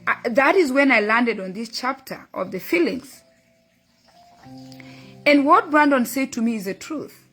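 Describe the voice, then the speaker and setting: Husky-voiced woman sharing life lessons. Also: on the high side, expressive, unhurried, long pauses, fairly bright tone, faint music behind. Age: middle-aged. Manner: earnest, storytelling, quotes her son and a book. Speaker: host. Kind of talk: motivational talk.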